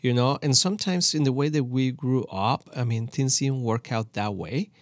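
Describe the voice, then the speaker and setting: A man co-hosting a faith podcast, talking earnestly and haltingly with many restarts, his voice congested from a cold. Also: mid-range voice, no room sound, studio quality. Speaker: podcast co-host.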